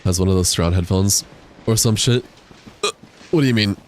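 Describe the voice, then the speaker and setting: A young man with a deep, low voice streams a game, reading his chat aloud and answering it in easy, slangy talk. He has the hiccups. Loud game noise and booming artillery run behind him. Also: brisk. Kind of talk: casual live-stream chat while gaming. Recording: game sounds and explosions behind voice. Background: loud game noise, artillery fire.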